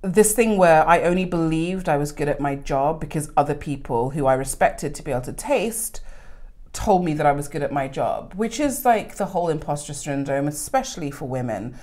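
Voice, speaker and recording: A woman in her thirties chatting as a podcast guest, telling animated stories with frequent laughs and casual swearing. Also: low-pitched, moderate pace. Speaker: podcast guest, coffee educator.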